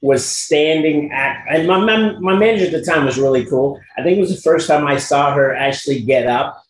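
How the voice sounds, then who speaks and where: A man's voice: fairly high pitch, a little fast. A man tells a story from his acting days in a loose, easygoing way, full of fillers. He livens up when he quotes himself. His voice rings a little in a roomy space, with faint noise underneath. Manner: relaxed, frequent fillers, lively when quoting himself. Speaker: actor guest recalling a past role. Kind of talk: casual anecdotal storytelling.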